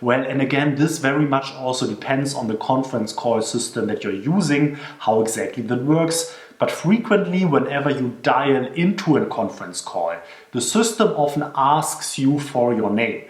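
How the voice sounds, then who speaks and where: A man explains conference call etiquette in an earnest, instructional way, slowing down whenever he repeats a key piece of advice. His voice sits at an ordinary middle pitch. The recording carries a noticeable room echo. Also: expressive. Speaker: presenter giving workplace tips. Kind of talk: instructional talk to camera. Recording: echoey room.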